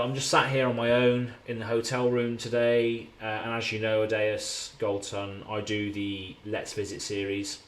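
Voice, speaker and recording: An English man with a low voice chats to his live-stream audience from a hotel room. He rambles in a relaxed, easygoing way and drops the occasional swear word. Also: slight background noise. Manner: rambling, laid-back, swears casually. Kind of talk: casual live-stream chat.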